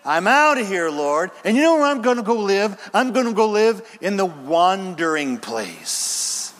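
A man acting out a defiant ancient fugitive, whining and blaming everyone as he storms off. His voice jumps high and loud with shouted bursts. The recording carries long hall reverb. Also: sing-song, measured pace, full character voice. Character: self-pitying, defiant ancient male fugitive.

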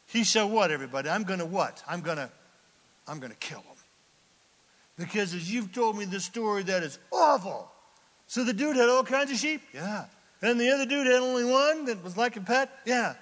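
A man preaching a lively, joking sermon and shouting now and then for emphasis. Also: sits high, normal speed, in a large hall. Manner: animated, jokey, with shouted emphasis. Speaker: pastor.

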